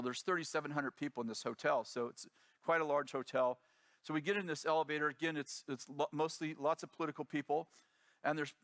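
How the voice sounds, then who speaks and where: A man's voice: fairly high pitch, fairly bright tone, dry recording, studio quality. A middle-aged man preaching as a pastor, telling a story with animation and acting out the voices of the people in it. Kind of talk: sermon storytelling.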